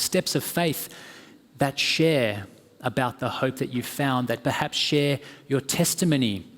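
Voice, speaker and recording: A man with an Australian accent giving a sermon as a guest preacher, telling stories in an earnest, conversational way with fillers. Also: mid-range voice. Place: church hall. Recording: church hall with long reverb.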